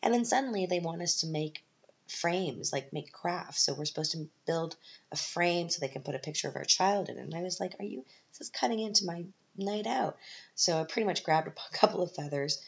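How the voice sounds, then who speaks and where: With a low-pitched voice and a slightly fast delivery, a middle-aged Canadian woman rambles through wry stories on her podcast. She fills them with ums and self-deprecating remarks, and the audio is lo-fi.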